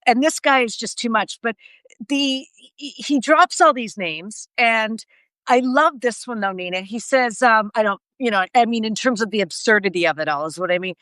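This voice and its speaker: A woman's voice: on the high side, normal speed, a bit bright, dry recording. A woman co-hosting a casual live conversation, talking in an emphatic, chatty way and checking her notes. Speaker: co-host.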